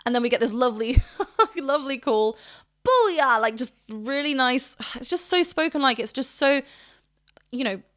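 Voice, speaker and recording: A woman vocal coach reacting to a song, gushing and rambling with quick restarts. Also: a little high, a bit bright. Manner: breaks into short sung demonstrations. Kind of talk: reaction commentary.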